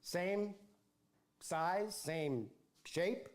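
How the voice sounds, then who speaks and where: A man with a high voice speaks extremely slowly while hosting a football livestream. The football channel host rants in a mocking, sarcastic way, rambling and restarting as he goes.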